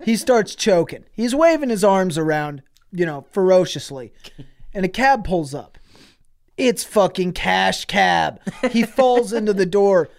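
Slow, lively-pitched man telling absurd tales. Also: creaky. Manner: crude, deadpan escalation of an absurd story. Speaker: podcast co-host. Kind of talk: improvised comic storytelling.

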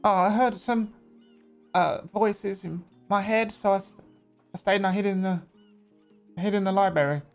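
A man voicing an excitable young orphan boy in a high, childlike voice. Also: moderate pace, long pauses, faint music behind. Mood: sheepish.

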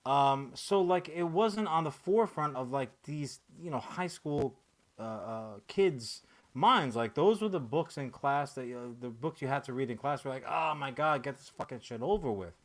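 A man's voice: mid-range voice, expressive, normal speed. A man hosting a podcast in casual chat, ranting with lots of swearing and filler words. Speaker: podcast host.

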